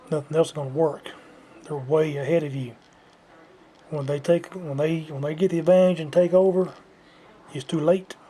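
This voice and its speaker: A man's voice: on the high side, dark tone. Blunt man ranting to camera. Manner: blunt, repetitive, lecturing. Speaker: vlogger. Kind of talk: unscripted ranting monologue.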